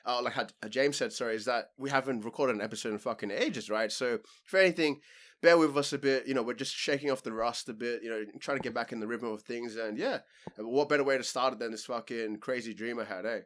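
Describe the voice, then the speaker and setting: A man's voice: mid-range voice, quick pace, fairly bright tone. A man co-hosting a casual podcast, laughing often and swearing freely as he tells a story. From Australia. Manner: loose, laughing, swears a lot. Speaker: podcast co-host. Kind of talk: casual chat. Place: home.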